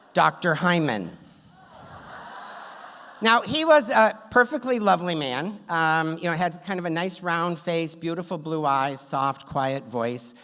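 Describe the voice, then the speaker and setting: A slightly high, somewhat bright male voice carries through a theater hall as he performs at a story slam. His true tale is funny, self-mocking and wry, and his timing lands well, all wrapped in long hall reverb picked up from the stage.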